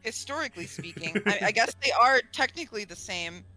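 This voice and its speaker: Bright-voiced teasing woman. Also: medium pitch, expressive, a little fast, soft background music. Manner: teasing, playful. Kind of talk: casual stream chat.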